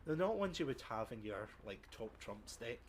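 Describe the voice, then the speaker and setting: A man's voice: mid-range voice, very animated, normal speed. A young man co-hosting a casual film chat, rambling with lots of fillers. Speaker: podcast co-host. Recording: noisy background hiss.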